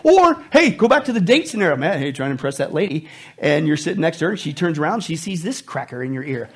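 A middle-aged male pastor preaching a sermon, animated, with laughing asides and mocking voices. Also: a little high, quick pace, slightly rough.

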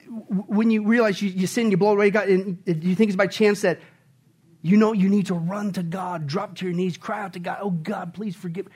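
A man preaching a sermon as pastor, emphatic and full of rhetorical questions, swinging from quiet intimate talk to loud exclaiming. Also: high-pitched, fairly even intonation, brisk, breathy edge.

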